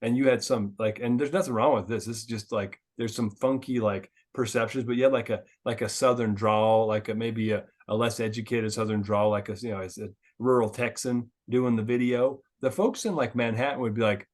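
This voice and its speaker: A man's voice: medium pitch, fairly even intonation, brisk, hardly any pauses. A man hosting a casual business chat, talking in a chatty way with lots of filler words.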